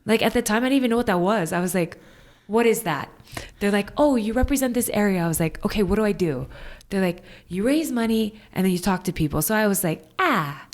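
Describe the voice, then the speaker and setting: A woman in her thirties from Hawaii, telling her story as a guest, animated and full of "like". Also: fairly quick. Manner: animated, acts out quoted voices with high jumps; many fillers of "like". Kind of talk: casual storytelling interview.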